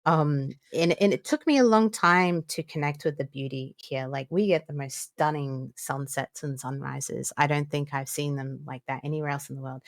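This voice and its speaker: A woman's voice: sits low, moderate pace, few pauses, no room sound, clean studio sound. A woman from New Zealand with a mixed New Zealand and Australian accent, chatting as a guest and swearing freely. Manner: animated, swears freely, laughs often. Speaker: guest streamer. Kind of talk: casual interview chat.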